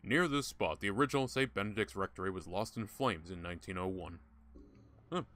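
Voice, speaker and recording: A man's voice: sits low, fairly quick, fairly bright tone. A man giving casual gameplay commentary, joking, swearing often and talking to game characters. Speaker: gaming YouTuber.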